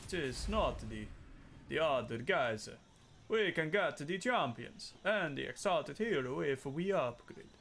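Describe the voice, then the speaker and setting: A man streaming a strategy game, thinking aloud in casual, excitable commentary and swearing freely. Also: on the high side, unhurried, gravelly, a little hiss or hum. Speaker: gaming streamer. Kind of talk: casual let's-play commentary.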